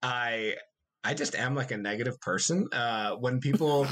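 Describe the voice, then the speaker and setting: A man's voice: medium pitch, moderate pace, heavy background noise. A man co-hosting a podcast in casual chat, self-deprecating and laughing often as he jokes with his co-hosts. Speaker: podcast co-host.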